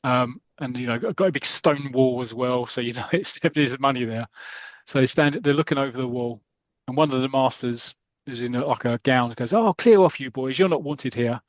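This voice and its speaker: A man's voice: medium pitch, fairly even intonation, moderate pace, no room sound. A man casually retelling a comic story, laughing often and acting out quotes. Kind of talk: casual chat, retelling with put-on voices.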